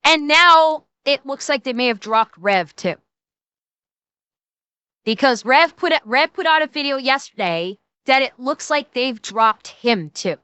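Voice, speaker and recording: High, bright-voiced woman streamer. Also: animated, a little slow, smooth, no echo. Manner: blunt and profane, frequent restarts. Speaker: streamer reacting to a video. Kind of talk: casual reaction commentary.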